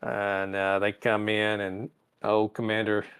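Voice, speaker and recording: A man's voice: on the low side, monotone, fairly bright tone, clear, resonant tone. A man hosting a podcast, casually recapping an episode and briefly mimicking characters' lines. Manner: recaps scenes in quick mimicked voices. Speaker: podcast host.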